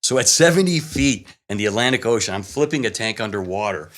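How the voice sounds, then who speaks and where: A man, a guest, telling a story in a casual, animated way, often laughing and acting out what people said. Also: on the low side, fast talker. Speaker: guest cameraman telling stories.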